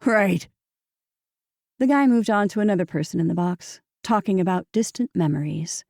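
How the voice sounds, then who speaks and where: A woman narrating an audiobook in a measured, steady storytelling manner, recorded close on a studio mic. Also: fairly low pitch, creaky, no echo.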